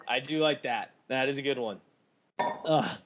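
A man's voice: mid-range voice, normal speed, a bit bright. A man hosting a casual podcast, blunt and joking with mild cursing. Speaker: podcast host. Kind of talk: casual chat.

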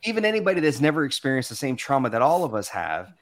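A man's voice: medium pitch, very animated, quick pace. A man from the Southern United States, speaking as a guest in a conversational, motivational storytelling talk. He acts out the voices he quotes.

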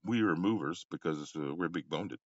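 A man hosting a podcast, rambling and profane, swinging between loud outbursts and low mumbling. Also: normal speed, no echo. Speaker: podcast host. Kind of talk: casual comedic chat. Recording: dry, dull lo-fi podcast audio.

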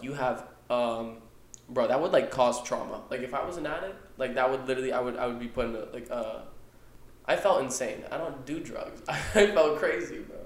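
A young man co-hosting a podcast, chatting casually and excitedly, swearing and saying "bro" constantly. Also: medium pitch. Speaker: podcast co-host. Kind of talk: casual chat. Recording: echoey room.

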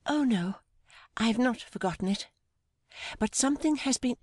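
A woman reading the part of a gentle, timid young woman, speaking softly and hesitantly with deep affection. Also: expressive, normal speed, no room sound, studio quality. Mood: tender. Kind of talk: audiobook dialogue reading.

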